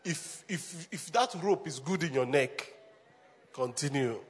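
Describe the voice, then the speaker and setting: A man preaching as a pastor, animated, laughing often and calling the congregation to answer back. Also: on the high side, unhurried, a little hiss or hum. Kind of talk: sermon. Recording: long hall reverb.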